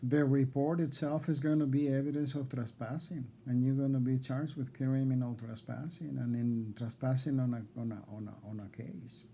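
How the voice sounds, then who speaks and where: A man reading out insistent legal demands to a court evaluator, repeating himself and halting on fillers. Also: medium pitch, steady tone, vocal fry, mellow, slight background noise. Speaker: defendant addressing a court evaluator. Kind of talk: confrontational legal declaration.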